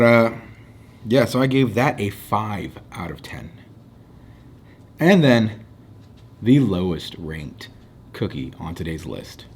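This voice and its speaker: A man with a fairly low voice talking through cookie ratings in an easygoing way. He slows down to announce each score and chats loosely in between. There is a faint background hum. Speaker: co-host rating food. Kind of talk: casual food review chat.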